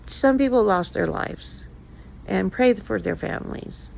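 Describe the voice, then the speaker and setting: A woman's voice: medium pitch, lively intonation, unhurried, gravelly, a little mellow, slight background noise, rough recording. An older woman talking casually in a personal vlog, emotional and rambling as she confides in her viewers. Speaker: vlogger.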